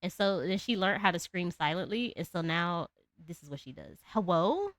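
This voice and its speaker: A woman with a low alto voice chatting casually with her live-stream viewers, giggling often. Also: normal speed, fairly bright tone, dry recording. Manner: chatty, giggly, talks to chat and her cat.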